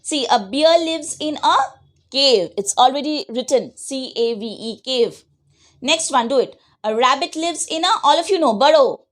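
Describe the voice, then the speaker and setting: A woman's voice: high-pitched, expressive, moderate pace. A woman teaching an online class, patiently dictating answers and spelling out words letter by letter. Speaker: schoolteacher. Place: home.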